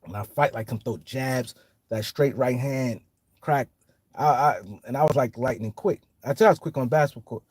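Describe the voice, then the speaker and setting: A man's voice: medium pitch, moderate pace, darkish tone, slight background noise. A man telling a story in a rambling, casual way, full of street slang and restarts. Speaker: guest telling his life story.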